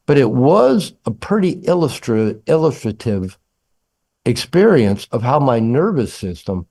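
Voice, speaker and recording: Older male author guest, lively candid storyteller, self-mocking, acts out both sides of a conversation. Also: mid-range voice, a little slow. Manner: animated, self-deprecating, acts out dialogue with humor. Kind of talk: candid storytelling in a podcast interview.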